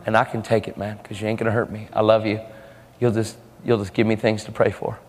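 A man's voice: fairly low pitch, level tone, quick pace, background noise. A man preaching a sermon, telling a story in an earnest way and acting out the voices of the people in it. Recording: long hall reverb with faint music.

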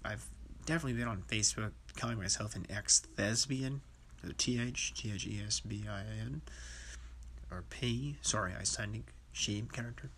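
Rambling, gravelly-voiced podcast man. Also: on the low side, moderate pace, a bit bright, slight background noise. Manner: profane, rambling and scattered, laughing to himself. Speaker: podcast host. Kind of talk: rambling monologue.

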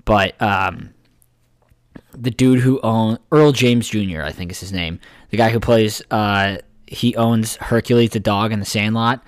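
A man's voice: on the low side, unhurried, no echo, clean studio sound. A man in casual podcast chat, loose and joking, swearing freely.

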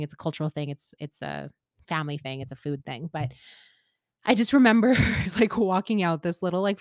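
Podcast host, woman from Canada, low voice, dry close sound, candid storyteller who laughs often. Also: dry recording. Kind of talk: casual personal storytelling.

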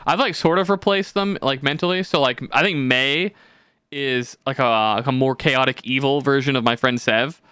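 A young man co-hosting a podcast, telling stories in casual chat, animated and swearing freely, acting out the people he quotes. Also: medium pitch, moderate pace, clear, resonant tone, no echo. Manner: swears a lot, animated storytelling with quoted voices. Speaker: podcast co-host.

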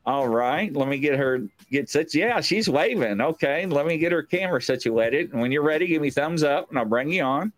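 Broadcasting from his home setup, this livestream talk show host has a slightly high voice with lively intonation. He talks a little fast with few pauses, rambling through jokes and self-mockery, and there's no echo.

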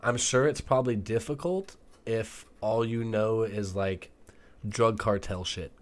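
A man's voice: lowish voice, unhurried. An American man co-hosting a podcast, chatting casually, laughing often and swearing freely. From United States. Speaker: podcast co-host. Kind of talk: casual banter.

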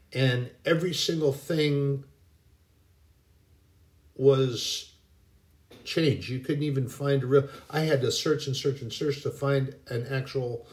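A man giving a casual devotional talk in a folksy, rambling way, with many pauses and restarts. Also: medium pitch, darkish tone. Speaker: Christian speaker.

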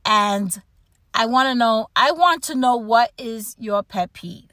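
Woman podcast host, animated casual rant, slightly high pitch, dry recording. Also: slow, no echo. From United States. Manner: animated ranting, laughs at herself. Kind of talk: casual chat.

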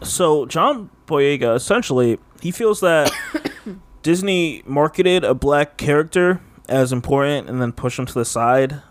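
A male podcast co-host chats casually and rambles, using "like" heavily, leaning on filler words and laughing often. His voice is on the high side, expressive and unhurried.

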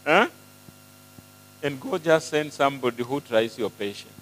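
A man preaching a sermon, mixing English and Swahili, animated and often asking the congregation questions. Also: mid-range voice, unhurried. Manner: switches between English and Swahili, animated, asks the crowd questions. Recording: hall with long reverb and mains hum.

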